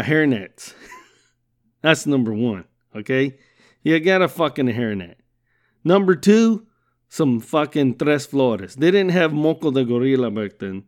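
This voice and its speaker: A man with a slightly higher voice hosts a podcast, spinning loose comedic stories packed with swearing. He laughs through his lines and jumps from mumbles to sudden loud bursts as he gets worked up. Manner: profane, rambling, laughs often. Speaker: podcast host. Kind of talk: casual comedic monologue.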